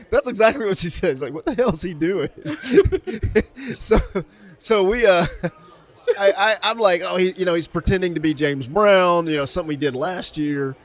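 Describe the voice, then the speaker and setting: A man hosting a podcast, telling a story in casual conversation, animated and laughing often. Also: fairly high pitch. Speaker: podcast host.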